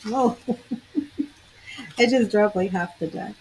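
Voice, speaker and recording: A woman's voice: medium pitch, normal speed, vocal fry, noisy background. A woman tarot reader and psychic medium chatting on a livestream, laughing often and greeting viewers by name. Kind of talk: casual livestream chat.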